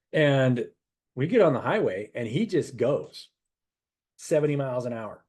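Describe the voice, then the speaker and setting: A middle-aged man, a spiritual advisor, telling a rambling, animated story and giving casual advice. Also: mid-range voice, a little slow, slightly rough.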